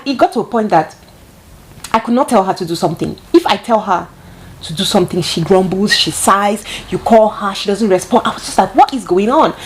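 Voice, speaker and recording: A woman, telling a story to her viewers in a casual, animated way and often calling them guys. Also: on the low side, slight background noise. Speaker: vlogger.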